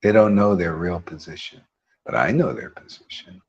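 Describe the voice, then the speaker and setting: A man's voice: low voice, lively intonation, moderate pace, slightly rough, highs cut off. A man hosting a devotional class, preaching informally in a rambling, emphatic way with frequent laughs. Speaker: host leading a devotional class.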